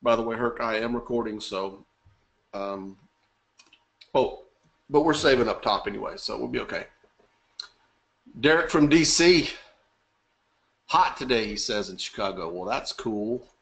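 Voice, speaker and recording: A man's voice: mid-range voice, animated, measured pace, creaky, pauses often, fairly bright tone. A man hosting a live webinar, chatty and upbeat, greeting attendees by name and joking. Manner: upbeat, chatty, reading names aloud and joking. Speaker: webinar host.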